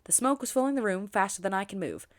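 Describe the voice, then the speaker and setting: Fast-reading woman narrating a novel aloud. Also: medium pitch. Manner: expressive reading with quick asides. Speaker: book channel host reading aloud.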